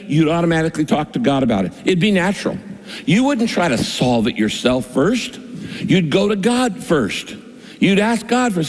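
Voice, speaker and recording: Brief: male pastor, slightly high voice, emphatic storytelling sermon, long hall reverb. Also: a little mellow. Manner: storytelling, emphatic, laughs while preaching.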